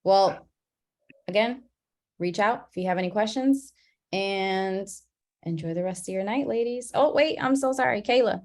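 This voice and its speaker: A woman leading an online class on a video call, talking in a relaxed, chatty way and laughing at her own slips. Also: mid-range voice, moderate pace. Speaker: class facilitator.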